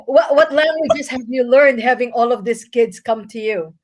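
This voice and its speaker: A woman's voice: fairly high pitch, moderate pace. A woman hosting an interview, asking questions in an encouraging way. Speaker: interview host.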